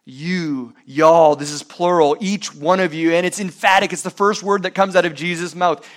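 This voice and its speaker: A man's voice: a little high, steady tone, moderate pace, hardly any pauses, a bit bright. A man preaching a sermon, asking rhetorical questions and using sports analogies. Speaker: pastor.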